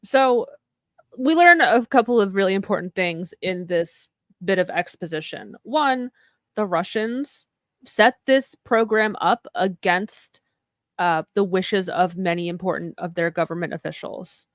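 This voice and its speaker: A woman's voice: mid-range voice, measured pace, no echo, clean studio sound. A woman co-hosting a podcast, casually recapping a TV episode and swearing offhandedly.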